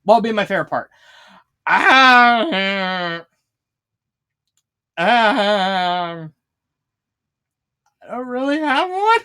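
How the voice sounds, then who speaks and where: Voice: medium pitch, big pitch swings, slow pace, sharp tone. A fanfiction reviewer talking casually, rambling with many restarts and fillers and laughing often while retelling scenes.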